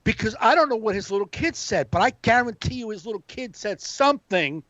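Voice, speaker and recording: A man, a comedian hosting a podcast, telling a profane, animated story in casual banter. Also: sits high, a little fast, dry recording, dull audio. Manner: animated storyteller, profane, acts out quoted voices.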